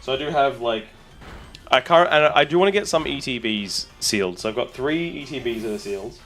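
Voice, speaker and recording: Brief: male streamer, mid-pitched, excitable and rambling, casual chat. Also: fairly quick, soft background music. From Australia. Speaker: streamer and content creator.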